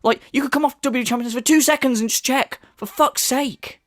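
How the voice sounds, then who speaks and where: A man's voice: very high voice, fairly quick, fairly bright tone, dry recording. A man hosting a reaction commentary, mocking and swearing with heavy sarcasm. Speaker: commentary channel host.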